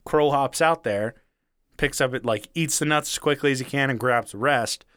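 A man's voice: medium pitch, moderate pace, a bit bright, clear, resonant tone, no room sound, studio quality. A man telling a rambling story in casual chat, chuckling now and then and swearing freely.

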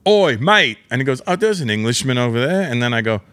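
A man hosting a podcast as a comedian, telling stories in a quick, animated way and swearing freely. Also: medium pitch, clear, resonant tone, no room sound. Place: studio in Los Angeles.

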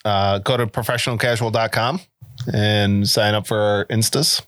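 A man hosting a podcast as game master, making jokey deadpan plugs in casual chat. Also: lowish voice, moderate pace, no room sound, studio quality.

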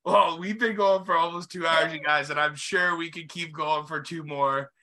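A male podcast host with a fairly high, bright and forceful voice. He talks in an easygoing way as he steers the conversation and hands the turn to each guest. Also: fairly even intonation, moderate pace. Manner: easygoing, wraps up and hands over turns. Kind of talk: casual podcast chat.

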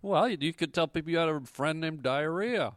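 A man's voice: a little high, lively intonation, brisk, dry recording. A man co-hosting a podcast with casual, jokey banter full of puns and wordplay, recorded in a large empty hotel conference room. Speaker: podcast co-host.

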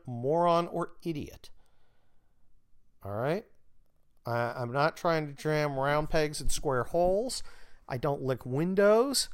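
A man's voice: mid-range voice, a bit bright. A man hosting a podcast, ranting in a casual, comic way, sarcastic and full of swearing. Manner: profane, sarcastic, exasperated. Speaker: podcast host.

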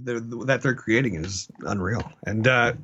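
A man's voice: medium pitch, a little slow, pushed and bright, slightly rough. Laid-back man on a dull mic. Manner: laid-back, joking, rambling with fillers. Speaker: podcast co-host. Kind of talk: casual chat.

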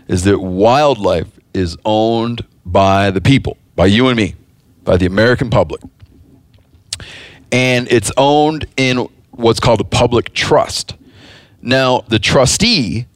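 A man's voice: fairly low pitch, no room sound. A man hosting a casual podcast, talking in a rambling way with many restarts and dry jokes. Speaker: podcast host.

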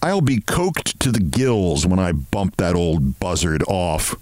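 A man reading as a quiet, deadpan clerk. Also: deep voice, slow, no room sound, full character voice. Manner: calm and deadpan. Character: meek, neat, quiet male office clerk.

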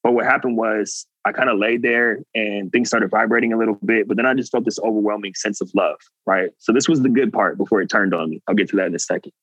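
A man's voice: on the low side, fast, hardly any pauses, no room sound, lo-fi sound. A man guest telling a personal story earnestly, acting out what people said. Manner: animated, earnest, acts out quotes. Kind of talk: casual storytelling.

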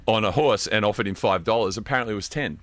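Man, deadpan sports banter, bright tone, dry booth sound. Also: lowish voice, fast talker, no room sound. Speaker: podcast co-host. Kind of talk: comedic sports chat.

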